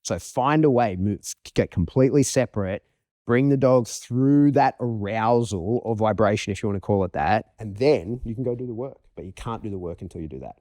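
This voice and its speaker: A man's voice: on the low side, brisk, no room sound, studio quality. An Australian man, a dog trainer, chatting casually on a podcast and telling stories with acted-out voices. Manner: animated storyteller, acts out voices.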